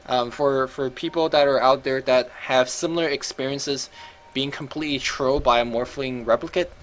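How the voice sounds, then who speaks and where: A man's voice: mid-range voice, steady tone, normal speed, fairly bright tone, a little hiss or hum. A man casually commentating and coaching over a video game match, chatty and thinking aloud, often correcting himself.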